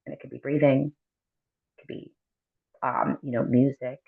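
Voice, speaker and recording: A woman mindfulness coach explaining her practice as an interview guest, gently, with frequent ums and tag questions. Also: rumbling low, little pitch movement, normal speed, gravelly, husky. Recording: tinny phone-like line.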